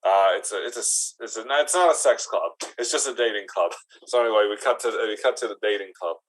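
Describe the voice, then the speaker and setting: A man narrating an improvised comedy scene in a casual, halting, playful way. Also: on the low side, poor audio. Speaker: improv performer.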